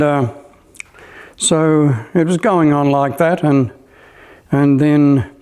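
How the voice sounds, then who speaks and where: A man recalling old memories in a casual, halting way, with many pauses and fillers. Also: a little high, dark tone. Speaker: storyteller recalling a spiritual gathering. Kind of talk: casual spoken recollection.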